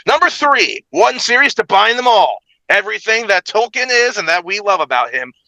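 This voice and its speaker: A man playing a pumped-up countdown show host, pitched well above his normal voice and swooping up on every number. The bouncy announcer delivery is bright and sharp, with jokey asides, in a dry, close sound. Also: sing-song, moderate pace, gravelly, no room sound, full character voice, poor audio. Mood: showy.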